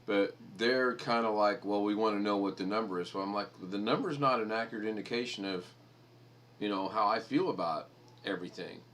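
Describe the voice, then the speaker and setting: Blunt, low-voiced man telling a story. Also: a little fast, a bit bright. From United States. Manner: blunt storyteller, mimics people in high voices. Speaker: live stream host. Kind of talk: casual chat.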